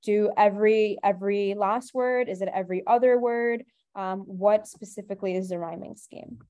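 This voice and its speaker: Teaching an online webinar, a woman tutor moves at a brisk pace in a mellow, darker, mid-range voice. Step-by-step explanations are punctuated by rhetorical questions meant to steer her students.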